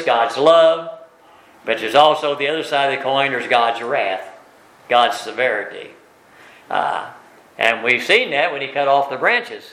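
A man's voice: medium pitch, pushed and bright. Guy teaching bible study, folksy, lots of uh's and isn't-it questions, roomy echo. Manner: asks rhetorical tag questions; plain folksy speech with frequent fillers. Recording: echoey room.

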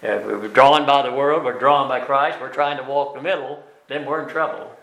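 An older man leading a Bible study class, explaining verses word by word in a plain, folksy way with many pauses and fillers. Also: mid-range voice, steady tone, vocal fry, fairly bright tone. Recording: echoey room.

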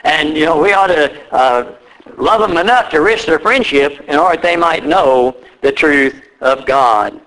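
A man preaching a sermon, reading scripture slowly and repeating key phrases with rising emphasis. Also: a little high, a bit bright, rough recording. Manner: reads scripture aloud slowly.

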